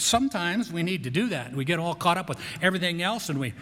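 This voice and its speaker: A man delivers a sermon in an easygoing, conversational way, often restarting words and breaking into asides. His voice sits a little high for a man. The sound carries the long reverb of a church sanctuary. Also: lively intonation, fast talker, hardly any pauses, fairly bright tone. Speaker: pastor.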